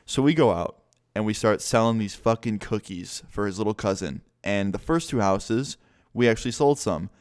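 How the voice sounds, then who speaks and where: A man's voice: on the low side, moderate pace. A young man telling a story on his vlog in casual, swearing talk full of fillers. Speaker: vlogger.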